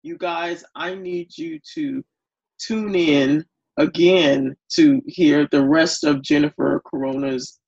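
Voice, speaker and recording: A woman's voice: sits low, fairly even intonation, takes it slowly, a little mellow, breathy edge, lo-fi sound. A woman podcast host wrapping up an interview and addressing listeners with encouragement.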